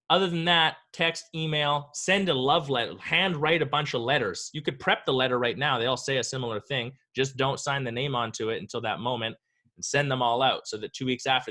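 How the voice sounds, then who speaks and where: A man leads a business coaching webinar with a bright, forward tone. He speaks casually and with energy, like a coach talking straight to his audience. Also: mid-range voice. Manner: energetic, casual and conversational, acts out quoted voices. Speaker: webinar presenter.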